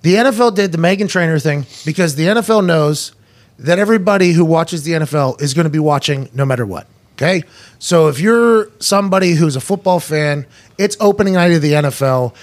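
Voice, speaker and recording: A young man hosting a podcast, telling stories in animated casual chat, laughing and acting out voices. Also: on the high side, brisk. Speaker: podcast host.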